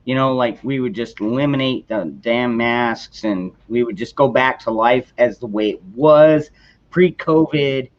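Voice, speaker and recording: A man's voice: mid-range voice, unhurried. A middle-aged man hosting a casual political chat stream, talking in rambling bursts with many restarts. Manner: rambling, frequent restarts and fillers. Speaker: livestream host. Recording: dull lo-fi sound.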